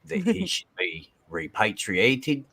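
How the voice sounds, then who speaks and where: A man in rambling, halting casual chat on a desktop computer mic. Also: medium pitch, very animated, sharp tone, husky. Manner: rambling, halting, lots of fillers.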